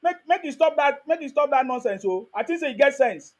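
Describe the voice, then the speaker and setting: An angry Nigerian man with a strikingly high voice rants at a caller on his live broadcast. He talks fast, stammers and repeats his insults over and over. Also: animated. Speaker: online broadcast host. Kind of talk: heated live-stream argument.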